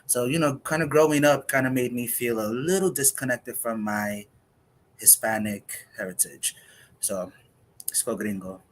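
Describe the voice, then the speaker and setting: A man delivers spoken word poetry in a measured, reflective way, leaving pauses between phrases. His voice sits in an ordinary middle pitch for a man. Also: a little hiss or hum. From United States. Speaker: poet.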